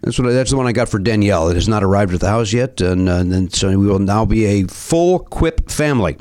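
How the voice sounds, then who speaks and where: Playful male podcast host, lively voice. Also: on the low side, fast. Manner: playful, jokey, lively delivery. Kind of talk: casual comedy podcast chat.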